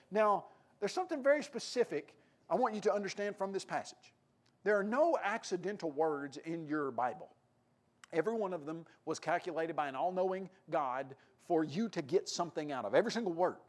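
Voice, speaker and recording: Preaching a sermon at a moderate pace, a man with a Tennessee accent speaks in a fairly high voice. His emphasis is animated, and he often raises his voice for quoted lines.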